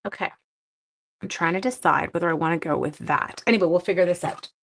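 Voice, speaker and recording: A woman's voice: lowish voice, quick pace, vocal fry. Chatty woman hosting a live craft tutorial. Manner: chatty and self-deprecating, answering live comments aloud. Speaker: papercraft demonstrator hosting a livestream.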